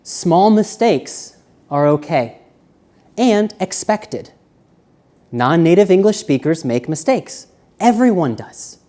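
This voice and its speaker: A man giving a live seminar lecture, walking around and shifting between quiet, slow speech and loud emphasis. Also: high-pitched. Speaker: seminar presenter. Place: university seminar room.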